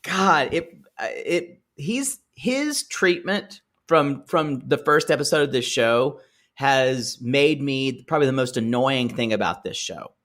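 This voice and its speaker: A man co-hosting a chatty podcast about reality television. His delivery is snarky and loose, with lots of laughing and sentences that drift off halfway. His pitch rises and falls in lively swings. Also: measured pace. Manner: snarky, laughs often, trails off mid-sentence. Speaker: podcast co-host. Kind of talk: casual chat recapping a reality show.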